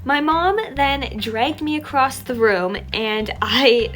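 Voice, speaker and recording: A young adult woman telling a story from her childhood in an animated, chatty, self-mocking way, while still a little sick. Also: high-pitched, slow, faint music behind. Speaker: storytime vlogger. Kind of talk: casual storytelling.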